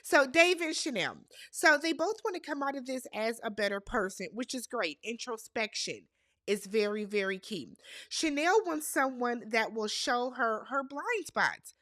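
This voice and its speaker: A woman's voice: on the high side, animated, measured pace, fairly bright tone, dry recording, studio quality. A young woman hosting a casual reality TV recap, sassy and talking back to the cast.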